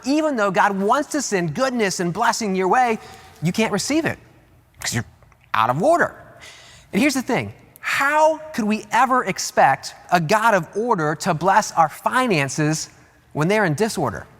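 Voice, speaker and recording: A man preaching a sermon as pastor, emphatic and animated, repeating key words and jumping up in pitch to stress them. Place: large church auditorium. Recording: long hall reverb with faint music.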